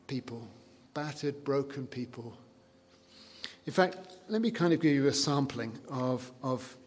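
A man preaching a sermon in a conversational way, dropping soft and low to quote scripture. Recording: long reverb of a large hall.

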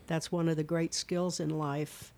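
An older woman with an Eastern Kentucky accent chats in a relaxed radio interview. She tells stories in an animated way and slips into other voices to show what she means. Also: low-pitched, a little slow. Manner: animated storyteller, demonstrates voices. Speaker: guest, retired speech and theater teacher. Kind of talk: casual interview chat.

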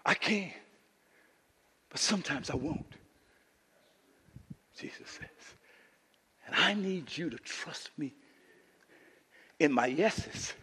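A man preaches in a church with a high, bright, ringing voice that rises into impassioned shouts. He keeps urging his listeners with "come on now." The sound carries a long hall reverb around him. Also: lively intonation, takes it slowly, pauses often, husky. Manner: call-and-response "come on now". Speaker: pastor. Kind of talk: sermon. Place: church sanctuary.

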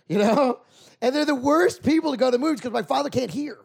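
A man co-hosting a comedy podcast, telling stand-up stories and acting out bits with loud shouted asides. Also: extremely high pitch, brisk, vocal fry, breathy edge. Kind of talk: casual comedy podcast chat.

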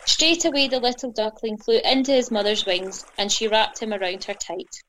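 A woman gently and expressively reading a children's fairy story aloud. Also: a little high, steady tone, normal speed, a little hiss or hum, rough recording.

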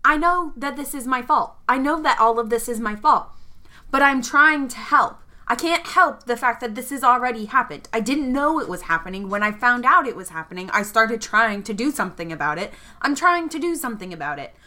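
A woman's voice: a little high, expressive, fairly quick, sharp tone. A woman voicing her young female character in a tabletop game, an earnest leader who apologizes and then confronts. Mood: remorseful.

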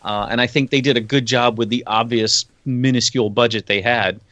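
American man, podcast guest, meandering delivery, mid-pitched, dry close mic. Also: fairly even intonation, fairly quick, fairly bright tone, no room sound, highs cut off. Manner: rambling, searching for words. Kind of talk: casual podcast chat.

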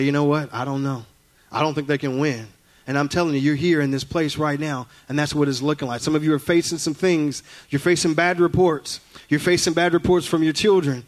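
A man preaching a sermon as a guest speaker in a church, telling folksy stories and acting out family voices. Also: fairly high pitch.

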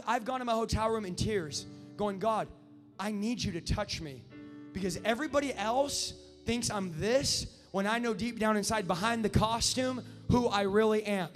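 High-voiced preacher shouting in a hall. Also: male voice. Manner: impassioned, rising to shouts. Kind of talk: sermon. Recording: echoey hall with faint music.

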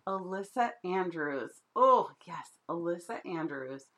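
A woman co-hosting a podcast in casual chat, chatty and quick to laugh. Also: fairly low pitch, expressive, fairly bright tone. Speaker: podcast co-host.

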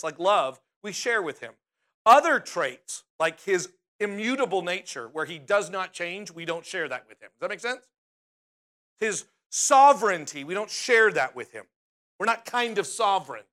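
A man's voice: fairly high pitch, sharp tone. A middle-aged man preaching a sermon in a conversational way, often asking his listeners questions and tagging lines with "right?". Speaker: pastor.

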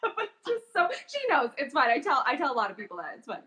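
A young woman chatting casually, telling animated stories with frequent laughs and casual swearing. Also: high-pitched, rapid-fire, hardly any pauses. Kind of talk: casual chat.

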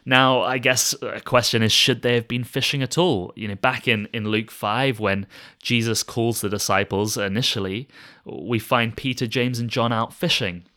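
A man preaches in an easy, conversational way, earnest and warm. His voice sits at a middle pitch for a man. He often doubles a word as he restarts a phrase, and he slips in scripture readings. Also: fairly even intonation, normal speed. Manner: reads scripture aloud and acts out short quoted lines. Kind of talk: conversational sermon.

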